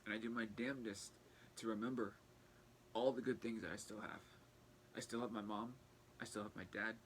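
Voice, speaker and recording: A man's voice: lowish voice, fairly even intonation, slight background noise. Earnest young man, tearful heartfelt vlog. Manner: earnest and heartfelt, halting with restarts. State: tearful, fighting back crying. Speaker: vlogger. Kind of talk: emotional personal vlog.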